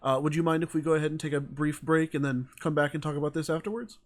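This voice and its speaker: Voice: medium pitch, fast. A host of a live-streamed interview show, speaking with polite, formal courtesy.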